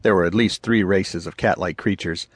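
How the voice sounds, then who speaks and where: Man reading an audiobook, lowish voice, dead dry booth sound, steady pace. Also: moderate pace, slightly rough, no room sound. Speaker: audiobook narrator. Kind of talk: scripted narration.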